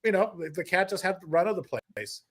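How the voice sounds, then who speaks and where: A middle-aged man, a comedian guest, telling a story in casual chat, animated, with many restarts and quoted asides. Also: sits high, quick pace, husky.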